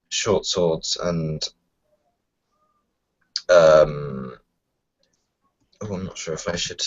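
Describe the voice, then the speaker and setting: A man playing a tabletop game, unsure and hesitant, thinking aloud about his moves. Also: sits low. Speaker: player. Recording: dull lo-fi home recording.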